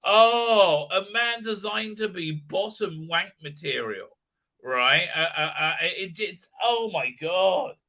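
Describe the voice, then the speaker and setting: A man's voice: high voice, expressive, slow pace, bright, forceful tone, rough recording. A man hosting a livestream, ranting crudely and profanely, rambling with constant filler sounds. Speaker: channel host. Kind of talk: livestream commentary rant.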